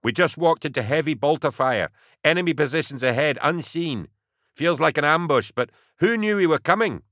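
A man's voice: a little high, expressive, normal speed, a bit bright, no room sound, studio quality, pitched above the performer's own voice. A man voicing a male army major pinned under fire, talking in terse, urgent bursts. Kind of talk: audiobook character voice.

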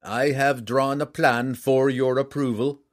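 A man's voice: medium pitch, little pitch movement, a little slow, voice pushed up, natural voice. Firm, emphatic warrior king for a storybook, read by a man. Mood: formal.

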